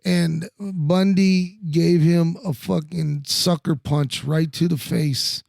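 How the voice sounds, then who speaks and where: A man, a former wrestler co-hosting a podcast, telling stories in animated, profane casual chat with lots of restarts. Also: fairly high pitch, slow pace, gravelly, no room sound, clean studio sound.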